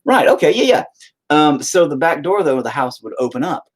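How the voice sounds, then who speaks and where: A man's voice: fairly high pitch, big pitch swings, brisk. A man telling a rambling, profane story in a casual chat with his viewers. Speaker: streamer.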